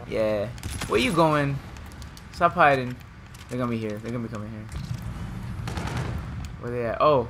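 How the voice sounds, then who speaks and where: A young man giving casual, trash-talking commentary while he plays a shooter game, and he jumps up to shouting when things go wrong. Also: mid-range voice, background noise. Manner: trash-talking, excitable, quick swings to shouting. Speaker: gameplay streamer. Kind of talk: casual live commentary over gameplay.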